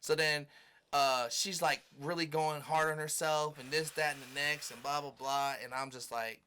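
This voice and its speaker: A man telling a story with friends on a podcast, swearing a lot and acting out quotes in a higher voice. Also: fairly even intonation, normal speed, pushed and bright, a little hiss or hum. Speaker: podcast guest.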